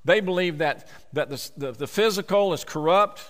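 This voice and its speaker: Preacher guy, emphatic, stretches out key lines, slightly high voice, hall reverb. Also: normal speed, fairly bright tone. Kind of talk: sermon.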